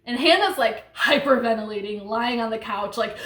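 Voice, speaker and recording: A woman's voice: a little high, moderate pace, few pauses, a bit bright. A young woman vlogger telling a true ghost story in a rambling, casual way, full of "like". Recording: echoey room.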